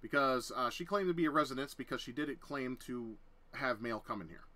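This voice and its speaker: A man's voice: mid-range voice, lively intonation, fairly quick, sharp tone. A young man telling a personal story on his vlog, swearing heavily and talking bluntly. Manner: heavy swearing, heated and blunt. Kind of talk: casual storytelling rant.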